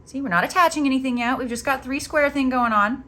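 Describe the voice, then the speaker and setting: A woman hosting a casual crochet tutorial, chatty and playful, teasing herself and cheering on her viewers as she works. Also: fast talker. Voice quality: chatty, playful, self-mocking. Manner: animated, jumps in pitch when excited.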